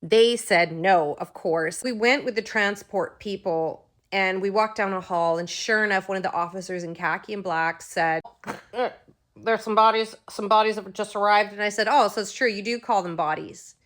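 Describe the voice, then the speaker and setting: A woman's voice: medium pitch, normal speed, a bit bright. A woman telling her own story straight to her followers in a personal, emotional way, acting out what people said and repeating key phrases. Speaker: vlogger.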